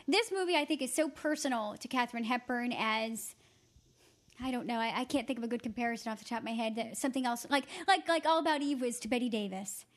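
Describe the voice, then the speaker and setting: A woman co-hosting a podcast, talking earnestly about classic films, often halting and restarting her sentences. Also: on the high side. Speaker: podcast co-host. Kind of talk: casual film discussion.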